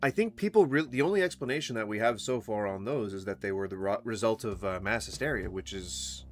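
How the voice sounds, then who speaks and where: A man giving casual reaction commentary, rambling with halting restarts and blunt skeptical asides that include swearing. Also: lowish voice, faint music behind. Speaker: commentary streamer reacting to a paranormal podcast.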